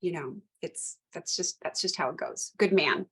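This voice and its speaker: A woman in her fifties, a retired police lieutenant, telling stories as a guest in an animated, emphatic way and repeating phrases for effect. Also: fairly low pitch, moderate pace, slightly rough. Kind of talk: conversational storytelling.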